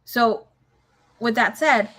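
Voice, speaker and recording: A woman's voice: fairly high pitch, slow pace, fairly bright tone. Chatty woman mixing in Spanish. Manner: chatty, swears freely, mixes in Spanish phrases. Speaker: tarot reader. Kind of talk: casual tarot reading to a viewer.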